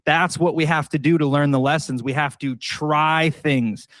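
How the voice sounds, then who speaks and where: A man's voice: fairly high pitch, fairly even intonation, normal speed, a bit bright, dry recording. Enthusiastic male podcast host, motivational and encouraging, dry recording. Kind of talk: casual podcast conversation.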